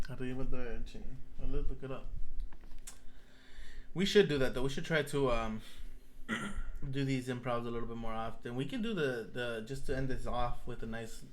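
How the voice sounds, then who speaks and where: A man's voice: medium pitch, moderate pace, pauses often. A man hosting a casual podcast with friends, talking loosely with lots of "like" and easy laughter. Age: adult with kids. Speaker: podcast host. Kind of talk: casual chat among friends.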